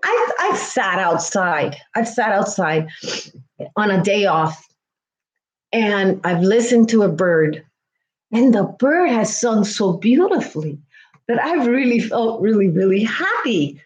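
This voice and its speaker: A woman's voice: medium pitch, lively intonation, takes it slowly, roomy sound. A woman schoolteacher chatting earnestly with her viewers, heartfelt and repeating herself for emphasis. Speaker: schoolteacher and vlogger. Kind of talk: casual livestream chat with viewers.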